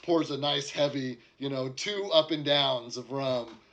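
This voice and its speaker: A man running a tabletop game as game master, narrating casually with plenty of fillers. His voice is bright and clear, with faint noise in the background. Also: medium pitch, unhurried.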